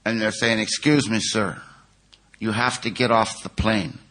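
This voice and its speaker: A man's voice: lowish voice, steady tone, unhurried, background noise. A middle-aged man from California telling his personal recovery story to a conference audience, earnest and conversational, with frequent "you know.".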